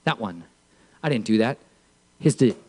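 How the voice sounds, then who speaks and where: A man preaching from a church stage, emphatic, swinging from low murmurs to shouts. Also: animated, normal speed. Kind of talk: sermon.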